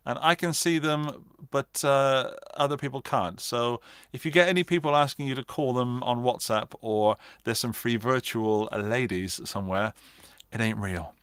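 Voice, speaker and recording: A chatty man hosts a casual guitar livestream, reading out viewers' names and joking at his own expense. His voice is smooth and resonant, close to the mic, and the sound is dry, with no room echo. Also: mid-range voice, normal speed, fairly bright tone. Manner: chatty, greets chat by name, light self-mocking asides. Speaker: livestream host.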